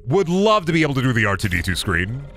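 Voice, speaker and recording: A man streaming a video game, talking to his chat as he plays. He rambles, stumbles over his words and swears freely while mocking other players. His mid-pitched voice swoops up and down with lively, animated intonation. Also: fast, vocal fry, loud music behind the voice. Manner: profane, mocking rants at chat and opponents; rambling, self-interrupting. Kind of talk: live gaming commentary.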